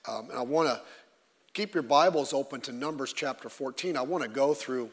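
A pastor preaching a Sunday sermon in a relaxed, joking way to his congregation. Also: medium pitch, a little fast, slightly rough. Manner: conversational with jokes to the congregation. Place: church sanctuary. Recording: long reverb of a large hall.

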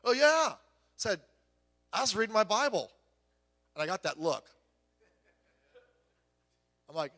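A man in his fifties preaching a sermon, telling stories with animated voices and swinging from loud to hushed. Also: high voice, measured pace, pauses often. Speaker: pastor. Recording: long hall reverb.

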